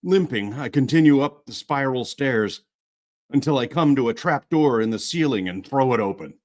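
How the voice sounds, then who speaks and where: A man's voice: mid-range voice, animated, moderate pace, a little mellow. A man reading a first-person audiobook narration, restarting phrases to retake lines.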